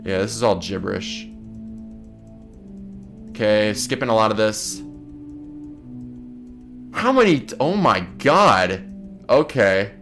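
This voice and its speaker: A man's voice: fairly low pitch, lively intonation, slow pace, gravelly, pauses often, a bit bright. A man giving gameplay commentary, flustered and swearing a lot as he talks to his viewers. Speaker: let's play gamer. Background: game music.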